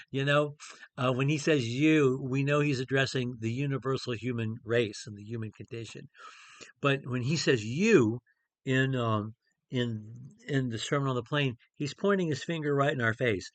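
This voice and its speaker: A man's voice: mid-range voice, normal speed, no echo. A middle-aged man preaching in a conversational way, with many fillers and restarts as he teaches a Bible passage. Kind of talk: informal Bible study talk.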